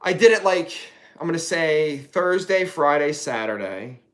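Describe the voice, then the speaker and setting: A man's voice: on the high side, a little slow. A man, around his forties, from Pennsylvania, guesting on a podcast and telling a story casually, full of swearing and laughter. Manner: profane, animated, laughing storyteller.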